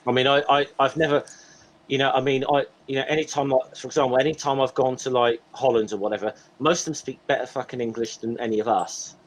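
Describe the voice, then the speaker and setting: A man's voice: medium pitch, fairly even intonation, fast, rough recording. A man in casual podcast chat, rambling through stories with lots of restarts and fillers.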